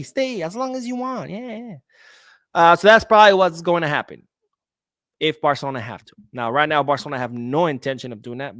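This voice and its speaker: A blunt young man hosting a casual podcast, talking freely and swearing as he pushes back on viewer comments. His voice sits in a middle pitch. The sound is dry and close, with no room echo. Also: a bit bright. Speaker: podcast host.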